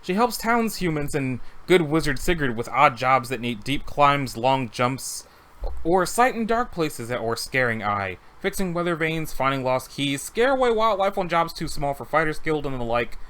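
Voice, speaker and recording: A gruff barefoot cat-woman acrobat, voiced by a man, blunt and deadpan in her broken phrasing. Her lines sit lower than his narration but still move up and down. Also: fast talker. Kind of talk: reading a text game aloud.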